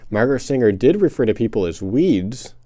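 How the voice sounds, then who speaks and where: A man's voice: mid-range voice, big pitch swings, brisk, warm tone, no room sound. A man giving casual spoken commentary in reply to a listener question, hesitant and full of fillers and restarts as he hedges carefully.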